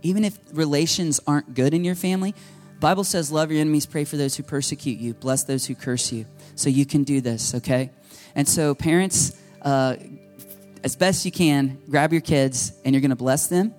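A man in his thirties preaching a sermon, telling a family story with lively, animated delivery and high jumps in his voice when quoting. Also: normal speed, soft background music. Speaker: pastor.

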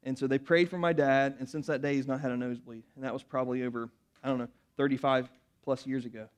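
A middle-aged man preaching a sermon, telling rambling personal stories full of restarts that build up into loud excitement. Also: medium pitch, fast talker, clear, resonant tone.

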